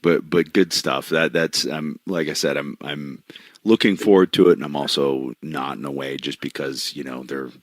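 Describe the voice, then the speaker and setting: A man hosting a podcast interview, chatty and quick to laugh. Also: a bass voice, steady tone, dry recording, studio quality. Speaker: podcast host. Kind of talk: casual chat.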